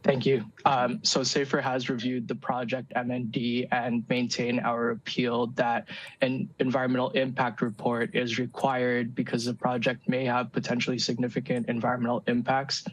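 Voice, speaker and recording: A man with a stuffy cold giving formal public testimony as an appellant's representative at a council chamber podium microphone, in a measured, legalistic way. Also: medium pitch, completely flat delivery, low-quality recording.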